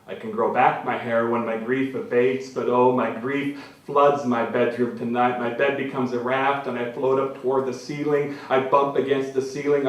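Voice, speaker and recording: A man of middle pitch reads his own prose at a live literary event, measured and dramatic, returning again and again to repeated phrases. His voice comes from a distant mic and rings around a very reverberant hall. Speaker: author reading his own work. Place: literary venue before an audience. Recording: very echoey hall from far off.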